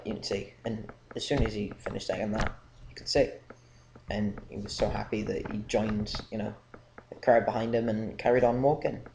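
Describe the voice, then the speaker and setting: A young man giving casual, rambling Bible commentary with lots of ums. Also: on the low side. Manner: rambling, informal, many ums. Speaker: Bible reading vlogger. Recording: echoey room, faint noise.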